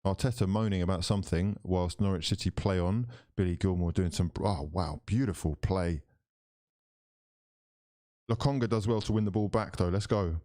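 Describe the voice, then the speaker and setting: A man doing live commentary for his football watchalong stream, switching between mock commentator patter and loud, excited outbursts. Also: low-pitched, normal speed, dry recording, clean studio sound.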